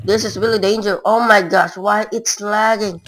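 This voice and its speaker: A woman rambles through casual gameplay commentary at a middling pitch. Her English is broken and non-native, and she loosely strings thoughts together with filler words. It sounds like someone talking to herself while she plays. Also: steady tone, normal speed, a bit bright, rough recording. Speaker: gamer.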